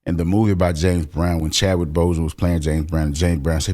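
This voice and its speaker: A man's voice: deep voice, little pitch movement, fairly quick, mellow. A middle-aged man co-hosting a podcast, talking emphatically and expressively in casual chat. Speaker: podcast co-host.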